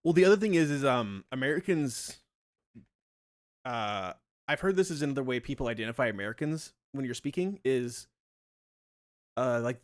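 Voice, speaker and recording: A man's voice: mid-range voice, no room sound, clean studio sound. A man chatting casually on a live stream while he plays, thinking aloud and rambling with plenty of fillers.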